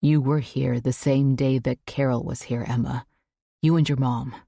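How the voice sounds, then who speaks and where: A woman's voice: extremely low pitch, fairly even intonation, moderate pace, creaky, mellow, dry recording, clean studio sound, full character voice. A woman voicing a nervous middle-aged father who pleads with his daughter, reading an audiobook. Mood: pleading. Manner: imploring, nervous.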